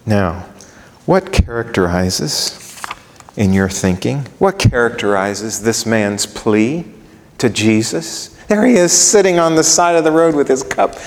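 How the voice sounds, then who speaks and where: Lively preacher in a reverberant hall. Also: male voice, mid-range voice, measured pace. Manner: animated, acts out scenes in different voices. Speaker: pastor. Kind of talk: sermon. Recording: long reverb of a large hall.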